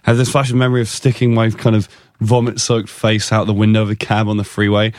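A man's voice: fairly low pitch, monotone, fast, darkish tone, no echo. An Englishman, a guest on a casual chat show, telling stories in a self-deprecating way and swearing freely. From England. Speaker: guest musician.

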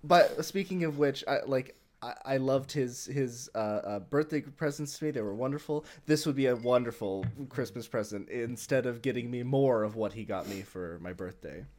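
A man's voice: medium pitch, moderate pace, hardly any pauses, a little mellow. Rambling male podcast host. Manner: rambling, many fillers and restarts. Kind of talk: casual chat.

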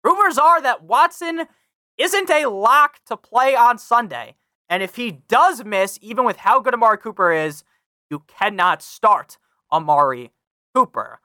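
Young male fantasy sports podcaster, brash and profane, bright forceful tone, dry close sound. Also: very high-pitched, lively intonation, unhurried, no room sound. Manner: brash, swears freely, talks to listeners directly; reads a sponsor ad. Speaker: fantasy football podcast host. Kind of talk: casual profane sports analysis.

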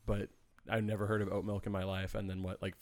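A young man with a fairly low voice chats on a podcast. He is relaxed and teasing, and he swears casually as he tells stories from his old hotel job. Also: quick pace. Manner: laid-back, profane, teasing. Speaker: podcast co-host. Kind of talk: casual chat.

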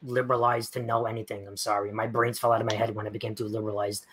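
A man's voice: lowish voice, little pitch movement, very fast, a crowd in the background, pitched below the performer's own voice, natural voice. A man mockingly voicing a dim-witted, self-pitying man who mumbles apologies. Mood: mock dumb. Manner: mumbling, sheepish, apologizing over and over.

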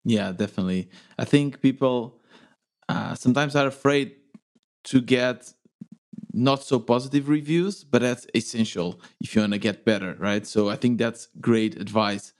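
A man's voice: medium pitch, moderate pace. A man hosting a podcast, interviewing a guest with friendly, open questions. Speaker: podcast host.

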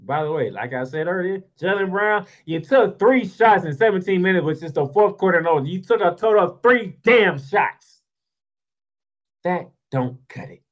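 A man's voice: sits high, expressive, moderate pace, low-quality recording. A man hosting a sports show, delivering a heated, sarcastic basketball rant full of rhetorical questions in informal, slangy speech.

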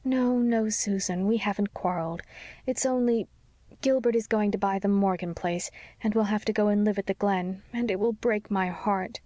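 A woman's voice: mid-range voice, steady tone, normal speed, warm tone, dry recording, natural voice. A woman reading the part of a heartbroken young wife in an audiobook, speaking tearfully and wistfully.

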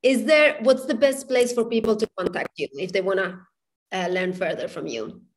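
A woman's voice: medium pitch, normal speed. A woman hosting a podcast interview, encouraging and affirming toward her guest in casual talk. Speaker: podcast host.

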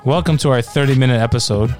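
A man's voice: mid-range voice, quick pace, over music. A young man co-hosting a casual podcast with his brother, playful and teasing. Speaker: podcast co-host. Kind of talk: casual chat.

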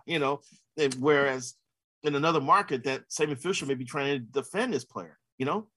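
A man's voice: medium pitch, brisk, bright, forceful tone, husky. A man from Minnesota, a sports columnist being interviewed, thoughtful and full of "you know" fillers. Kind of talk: casual interview.

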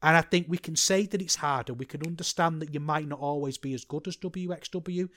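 A man's voice: fairly high pitch, fairly quick, a bit bright, no room sound, studio quality. A man hosting a solo podcast, rambling and self-deprecating, with frequent restarts. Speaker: podcast host.

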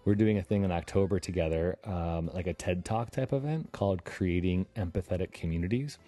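A man's voice: deep voice, a little fast, dark tone. A middle-aged man hosting a podcast, chatting casually and laughing often. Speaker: podcast host.

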